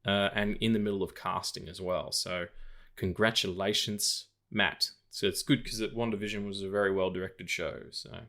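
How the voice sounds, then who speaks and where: A deep, fairly bright voice with a steady tone and normal speed belongs to a podcast co-host. He discusses film news casually in a rambling way, filled with fillers, restarts and tangents.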